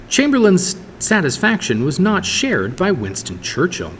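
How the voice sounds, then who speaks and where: A man's voice: high-pitched, huge pitch swings, unhurried, few pauses, big-room sound, slight background noise. A man reading a history textbook chapter aloud like a teacher, with the odd stumble and self-correction. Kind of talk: read-aloud textbook narration.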